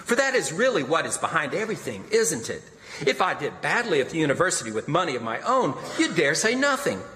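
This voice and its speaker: A man's voice: a little high, big pitch swings, a little fast, sharp tone, a little hiss or hum. A man reading as a bitter, defiant young son. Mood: resentful. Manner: impassioned, bitter oratory. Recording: long hall reverb.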